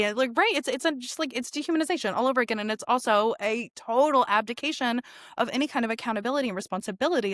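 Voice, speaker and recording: A woman rabbi talking casually as a podcast guest, animated and sarcastic, with lots of asides and filler words. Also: mid-range voice, dry recording, studio quality. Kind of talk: casual conversational interview.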